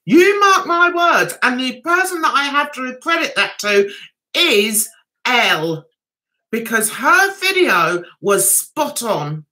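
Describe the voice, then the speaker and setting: A woman's voice: high-pitched, very animated, slow pace, sharp tone. A woman hosting a livestream, chatting with viewers and giving indignant, emphatic commentary. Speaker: YouTube host.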